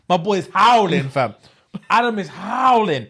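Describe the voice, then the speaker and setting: A young man, co-hosting a podcast in casual chat, telling a story with lively acted-out voices and frequent laughter. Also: sits high, normal speed. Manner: animated storyteller acting out voices, laughing often. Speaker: podcast co-host.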